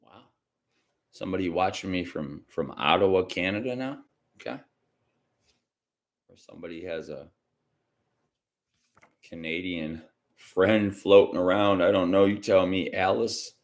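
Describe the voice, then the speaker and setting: A man hosting a casual psychic reading livestream from home, rambling and chatty and often clearing his throat. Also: deep voice, measured pace, pauses often. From Michigan. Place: indoors at home.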